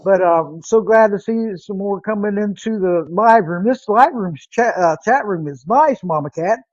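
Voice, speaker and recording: A woman's voice: mid-range voice, a little mellow, no room sound. A woman hosts a live internet radio show in loose, unscripted talk. She rambles, stumbles and restarts her sentences. Her voice sounds close and dry, with a muffled, lo-fi quality. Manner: rambling, halting, with many fillers and restarts. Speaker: radio podcast host.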